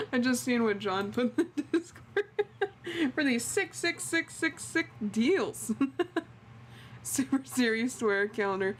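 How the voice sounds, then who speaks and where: A woman's voice: sits high, animated, takes it slowly, long pauses, a little hiss or hum. A woman streaming a game, chatting casually and laughing often and awkwardly. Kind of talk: casual let's-play chat.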